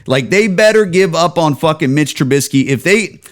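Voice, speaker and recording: A man's voice: on the high side, expressive, normal speed. A man in his forties hosting his own podcast alone, rambling and swearing heavily as he rants about football. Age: 40s. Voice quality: profane, rambling, heated. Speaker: podcast host. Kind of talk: casual solo podcast rant. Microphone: home camera setup.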